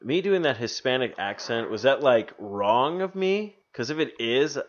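A man's voice: mid-range voice, sing-song, a little slow. A man co-hosting a podcast in casual comedic chat, joking and laughing often and swearing freely, recorded with dull lo-fi sound. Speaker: podcast co-host.

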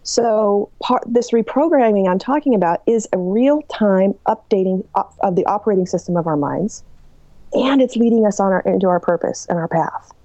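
A woman's voice: mid-range voice, moderate pace, no echo, dull audio. A woman author and coach answering interview questions, telling client stories and acting out the people in them. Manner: animated, acts out quoted people.

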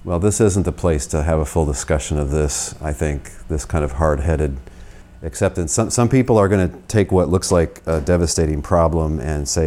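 An American man giving a conversational theology lecture, reasoning through arguments with quick asides. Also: a bass voice, dark tone. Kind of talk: spoken lecture.

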